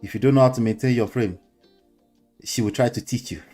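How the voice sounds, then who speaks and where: A man's voice: medium pitch, fairly quick, mellow, soft background music. A man with a Nigerian accent hosting a casual commentary show, lecturing his viewers, repeating his points and dropping in pidgin words. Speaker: host.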